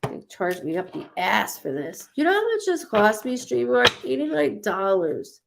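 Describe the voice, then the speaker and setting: A woman's voice: medium pitch, very animated, normal speed, creaky, background noise. A woman hosting a psychic live stream, chatting casually and effusively with viewers as she reads their comments. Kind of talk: casual livestream chat reading comments.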